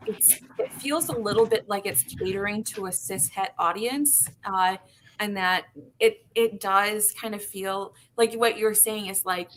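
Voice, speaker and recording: A woman's voice: mid-range voice, fairly bright tone, slight background noise. Hesitant woman co-hosting a podcast. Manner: hesitant, many restarts and "like" fillers. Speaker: podcast co-host. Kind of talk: casual panel discussion.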